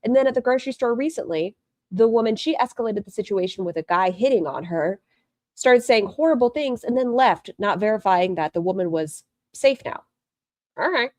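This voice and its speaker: A woman's voice: mid-range voice, lively intonation, moderate pace, a little mellow, dry recording. A woman hosting critical reaction commentary, blunt and sarcastic. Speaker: commentary host.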